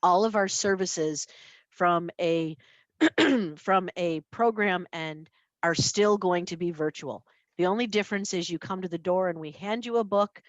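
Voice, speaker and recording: A woman, the library's chief executive, giving her report at a board meeting and explaining her decisions in a measured way with a few fillers. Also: fairly low pitch, no echo, lo-fi sound. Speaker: library CEO.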